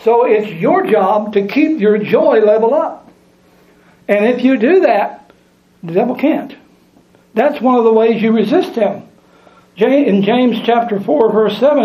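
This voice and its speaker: A man's voice: sits high, dark tone. A man preaching a sermon, reading scripture aloud and repeating lines for emphasis. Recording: echoey room, dull lo-fi sound.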